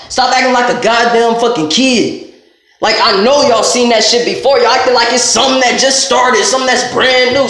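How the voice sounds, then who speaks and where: A very high-pitched man goes off in a blunt, profanity-laced rant straight to camera. His voice bounces around a strongly echoing room. He sounds confrontational and fed up, and he speaks his mind without holding anything back. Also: a bit bright. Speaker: vlogger. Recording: very echoey room.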